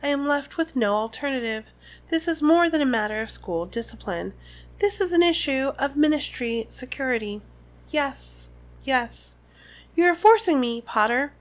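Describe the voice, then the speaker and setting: A woman's voice: high-pitched, expressive, normal speed. A woman reading a sugary, menacing woman official's lines from a book, prim and falsely sweet.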